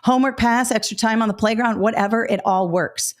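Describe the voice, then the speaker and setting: A woman giving practical advice to new teachers in a webinar, in a lively storytelling way that acts out what she says to students. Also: on the high side, a little fast.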